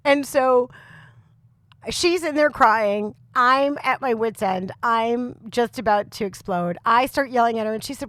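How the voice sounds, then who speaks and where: A woman in her thirties or forties with a very loud voice, co-hosting a podcast and telling a comic story with lots of laughs and exasperation. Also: a little high, a little slow, no echo. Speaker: podcast co-host. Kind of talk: casual chat, comic storytelling.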